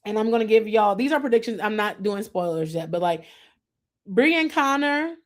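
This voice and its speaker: A woman's voice: mid-range voice, expressive, moderate pace. A young adult woman hosting a casual TV recap show, talking in a chatty, rambling way and mimicking the people she describes. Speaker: podcast host.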